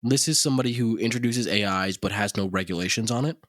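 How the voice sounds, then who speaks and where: A man's voice: lowish voice, quick pace, a bit bright, dry recording, studio quality. A man co-hosting a casual podcast, telling a story in a rambling, profane way with lots of fillers. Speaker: podcast co-host.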